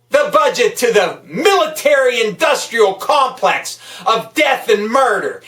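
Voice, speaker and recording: A woman delivering an angry political rant, swearing constantly and shouting as she talks. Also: on the high side, very animated, slow, distant mic. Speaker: political vlogger. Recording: echoey room, voice a bit off-mic.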